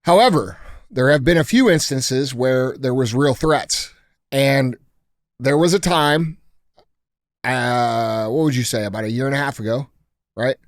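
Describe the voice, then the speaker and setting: A man's voice: medium pitch, a little slow. A man hosting a podcast, telling a story in a blunt, profane, casual way. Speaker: podcast host. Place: podcast studio.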